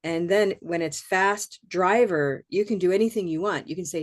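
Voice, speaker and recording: A woman on a video call explaining what she hears in the stress patterns, in a lively way. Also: on the low side, normal speed.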